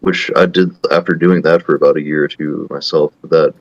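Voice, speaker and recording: A man's voice: a bass voice, steady tone, moderate pace, no echo, lo-fi sound. A man in his thirties hosting a casual online chat, thinking aloud in a rambling, thoughtful way. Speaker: host.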